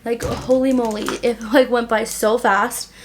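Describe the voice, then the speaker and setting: A woman's voice: on the high side, unhurried, a little hiss or hum. A young woman with a slightly raised voice chatting to her viewers as she does her makeup. She rambles and leans on "like", and acts out what people said to her as she retells the story. It sounds like an easy, personal get-ready-with-me vlog. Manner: chatty, heavy use of "like", animated retelling. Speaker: vlogger.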